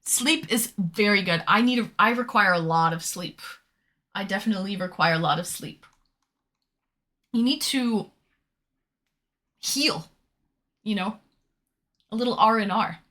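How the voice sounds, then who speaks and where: A woman's voice: medium pitch, a little slow, pauses often, sharp tone. A woman live streamer chatting casually, reading viewer messages aloud with a teasing, chatty manner and casual swearing.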